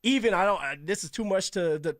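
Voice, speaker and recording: A man who co-hosts a sports radio show, a former pro football player telling animated stories in casual talk. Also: high-pitched, quick pace, dry recording, studio quality. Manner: animated, laughing storyteller. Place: radio studio.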